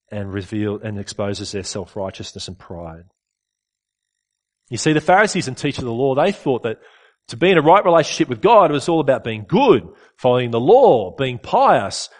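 Earnest preacher. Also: male voice, medium pitch. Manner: earnest, conversational, asks rhetorical questions. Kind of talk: sermon.

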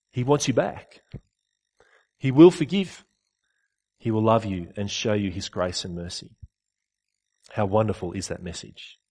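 A man preaching a sermon in an earnest, conversational way with rhetorical questions. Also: medium pitch.

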